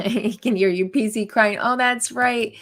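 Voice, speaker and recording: Woman host, unhurried gravelly voice, chatty with frequent laughs, live-stream banter. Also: fairly high pitch, steady tone, a bit bright. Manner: chatty, laughs often, many fillers. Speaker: livestream host. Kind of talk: casual live chat reading viewer comments.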